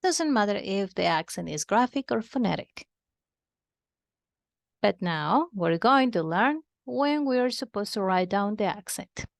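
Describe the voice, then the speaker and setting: A woman's voice: medium pitch, animated, a little slow, creaky, no echo, clean studio sound. A woman teaching Spanish to children in a patient, explanatory way, repeating key terms and moving between Spanish and English. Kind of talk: slow explanatory lesson for kids.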